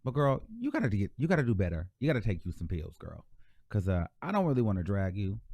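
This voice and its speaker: A man's voice: fairly low pitch, sing-song, quick pace, warm tone, no echo. A man hosting a live gossip stream with sassy, blunt commentary. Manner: sassy, mock-preaching, blunt. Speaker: host of a live gossip show.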